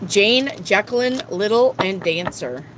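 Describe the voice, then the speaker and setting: A woman's voice: medium pitch, lively intonation, unhurried, background noise. A woman tarot reader on a live stream, lecturing her viewers bluntly and swearing often.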